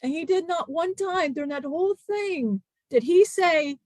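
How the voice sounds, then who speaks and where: A woman channeling the spirit of an ancient male disciple, telling a grieving testimony in halting, emotional bursts with many restarts. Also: very high voice, lively intonation, darkish tone, no room sound. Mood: solemn.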